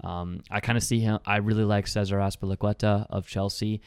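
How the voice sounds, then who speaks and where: Man, casual sports co-host, low smooth voice, chatty with plenty of fillers, dry close mic. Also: level tone, a little mellow, no echo. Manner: chatty, lots of fillers, quick asides. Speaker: podcast co-host.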